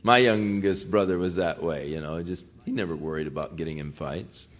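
A man's voice: low-pitched, moderate pace. A man preaching a sermon, retelling a scripture story in a folksy, conversational way with frequent asides. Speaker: pastor.

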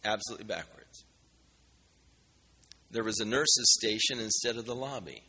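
A man preaching a sermon, telling a personal story in a folksy, animated way and acting out the dialogue. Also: fairly low pitch, moderate pace, husky, in a large hall. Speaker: pastor.

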